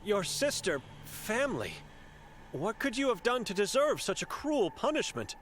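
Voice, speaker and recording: A man's voice: high-pitched, big pitch swings, normal speed, a bit bright, slight background noise. A man playing an earnest young monk searching for his sister in a video game, asking polite, concerned questions. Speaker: player character. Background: game music.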